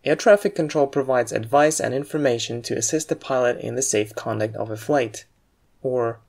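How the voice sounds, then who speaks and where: Man, mid-pitched, gravelly, measured teacher, scripted lesson narration. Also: a little mellow. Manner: clear, measured explanation with read example sentences. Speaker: aviation English teacher.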